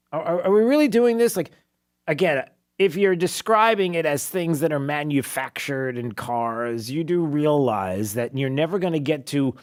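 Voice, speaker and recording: A man's voice: on the high side, animated, unhurried. A man hosting a talk radio show, giving mocking, opinionated commentary with frequent laughs and filler words. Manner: sarcastic, mocking, laughs often; many fillers and restarts.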